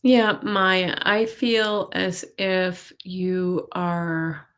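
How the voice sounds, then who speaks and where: A woman's voice: lowish voice, flat delivery, extremely slow, smooth. Chatty woman doing live tarot readings. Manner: chatty, hesitant, with frequent soft laughs and fillers; warm reassuring intuitive tone. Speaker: intuitive reader, stream host.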